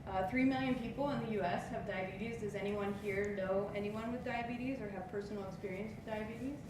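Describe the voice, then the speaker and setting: A woman's voice: mid-range voice, a little fast. A woman researcher giving a practice presentation, a bit hesitant with fillers, in a sing-song pattern. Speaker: researcher, workshop participant. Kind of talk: practice presentation and feedback chat. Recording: distant mic in an echoey room with noise.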